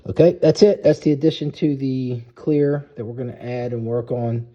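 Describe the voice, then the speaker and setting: A man's voice: mid-range voice, steady tone, moderate pace, highs cut off. A man coaching youth lacrosse, explaining a play step by step, methodical and stopping to correct and restate himself.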